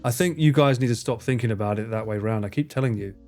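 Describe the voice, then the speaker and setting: A young man live streaming, chatting casually with viewers, swearing freely and acting out his friends' lines in higher voices. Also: fast, a little mellow, soft background music. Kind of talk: casual chat answering viewers.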